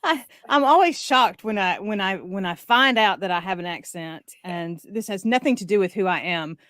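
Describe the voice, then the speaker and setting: A woman with a light Southern accent chats as a podcast guest over a video call, lively and quick to joke. Her voice sits at a middle pitch, and it is recorded close and dry with no room sound. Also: no echo. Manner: lively, joking, laughs often. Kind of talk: casual interview chat.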